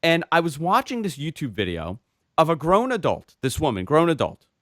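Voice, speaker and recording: A man with a fairly high voice that swings widely in pitch tells stories on a tech podcast, punching his points with emphatic asides. His voice sounds dry and close to the mic. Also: normal speed, no echo. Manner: animated storyteller, emphatic asides. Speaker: podcast co-host and video creator. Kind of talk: casual tech podcast chat.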